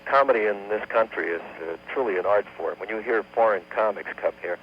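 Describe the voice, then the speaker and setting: A low-voiced man spins a long, unhurried joke as a radio guest, sometimes humming a few notes of the tune. The sound is dull and lo-fi, as on an old AM broadcast, with a faint hum underneath. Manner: unhurried joke-telling with sung bits. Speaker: comedian guest. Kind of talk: radio talk show storytelling.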